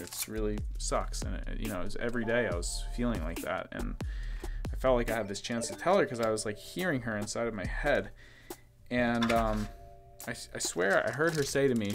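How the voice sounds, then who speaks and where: Low-voiced young man rambling over background music. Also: fairly quick. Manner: rambling, relaxed, frequent fillers. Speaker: card-opening host. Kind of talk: casual story time while opening cards. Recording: music playing clearly behind the voice.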